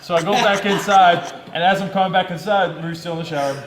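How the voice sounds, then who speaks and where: A man telling a comic personal story on a talk show, quick and self-deprecating, laughing as he goes. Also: high-pitched, fairly even intonation, roomy sound, crowd noise. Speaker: guest athlete. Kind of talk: animated anecdote telling.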